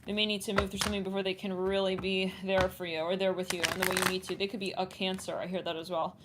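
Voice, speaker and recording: A woman gives her viewers a casual tarot reading, chatting and thinking aloud, trailing off and restarting. She speaks quickly at a medium pitch with little pitch movement, and the recording carries audible background noise and clicks.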